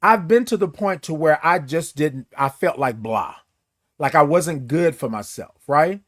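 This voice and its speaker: A man speaking a motivational talk on a live stream, with a fairly high voice that rises and falls a great deal. He talks in a preachy way, repeats his phrases, and greets viewers from the chat. The sound is dry and close. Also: lively intonation, a little slow, fairly bright tone, no echo. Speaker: host.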